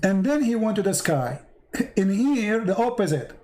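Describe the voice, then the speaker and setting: High-voiced man pressing a caller, hoarse. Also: sing-song, measured pace, mellow, rough recording. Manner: insistent, repeats his questions, reads verses aloud. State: losing his voice. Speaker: live stream host debating a caller. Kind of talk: argumentative live stream debate.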